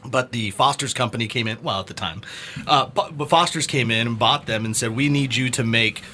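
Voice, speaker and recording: A man hosting a podcast, telling an anecdote in an animated, casual way. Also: mid-range voice, fairly quick, a little hiss or hum. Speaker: podcast host. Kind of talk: casual chat, storytelling.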